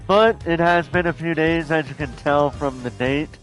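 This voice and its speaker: A man's voice: a little high, moderate pace, a bit bright, poor audio. A man streaming a game, chatting casually with viewers in a rambling way, with many restarts. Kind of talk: casual live-stream chat. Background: faint game music.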